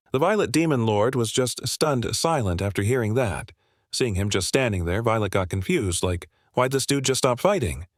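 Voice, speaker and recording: A man's voice: medium pitch, lively intonation, moderate pace, no room sound, studio quality. A man narrating a comic recap in a casual, slangy, breezy way.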